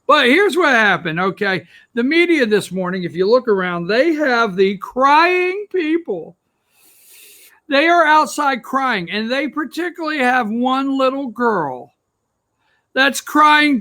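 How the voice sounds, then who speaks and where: A man's voice: very high-pitched, lively intonation, unhurried, pushed and bright. A man hosting a political opinion show, talking straight to viewers in a rambling, sarcastic way. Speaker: political talk show host. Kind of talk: opinionated commentary.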